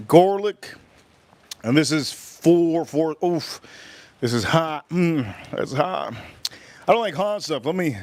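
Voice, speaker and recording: A man hosting a casual livestream, chatting and reacting out loud while he eats. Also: a little high, no echo. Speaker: livestream host. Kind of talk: casual livestream food tasting.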